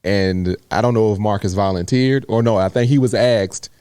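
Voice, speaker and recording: A man in casual chat, a proud parent telling an animated story full of slang. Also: lowish voice, moderate pace, clear, resonant tone, no echo.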